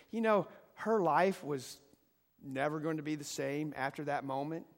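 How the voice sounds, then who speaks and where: High-voiced preaching man in a church. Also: moderate pace, gravelly, long reverb tail. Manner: impassioned preaching, rising to emphatic peaks; leads the congregation in call and response. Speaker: pastor. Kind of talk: sermon. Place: church sanctuary.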